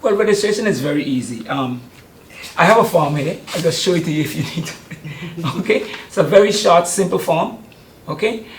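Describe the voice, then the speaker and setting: An older man talks about his youth camp in a relaxed, hesitant way. His voice is gravelly and slightly high for a man. The sound is roomy, with faint noise behind him. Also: a little fast. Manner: chatty and warm, often hesitating with ums. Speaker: youth sports camp organizer. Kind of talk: casual interview.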